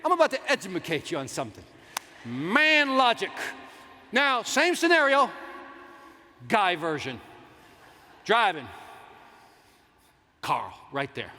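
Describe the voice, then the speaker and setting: A middle-aged man giving a motivational keynote, telling stories with loud outbursts and playing to the crowd. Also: sits high, slow, pauses often. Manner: animated storytelling, loud outbursts, plays to the crowd. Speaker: keynote speaker. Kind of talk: motivational stage speech. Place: large conference hall. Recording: long hall reverb, faint noise.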